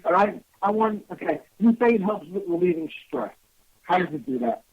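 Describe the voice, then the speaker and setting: A man's voice: high voice, lively intonation, moderate pace. A man with a New York accent hosting a radio show, telling stories in a blunt, salty, casual way. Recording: slightly muffled lo-fi radio audio.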